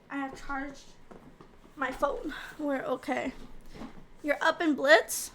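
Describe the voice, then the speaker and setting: A woman's voice: sits high, steady tone, slow, pauses often, fairly bright tone, slight background noise. A woman streamer chatting casually and playfully with her viewers, teasing them and asking how they are.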